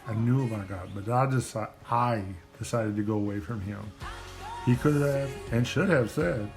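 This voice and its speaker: A man's voice: medium pitch, moderate pace, over music. A man giving a personal testimony to a camera, earnest and emotional, often repeating himself.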